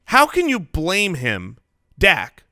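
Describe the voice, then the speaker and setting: A man co-hosting a fantasy football podcast, animated and playful, joking between stats. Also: sits high, takes it slowly, no echo, studio quality. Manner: animated, playful, jokes and sings snippets. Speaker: podcast co-host.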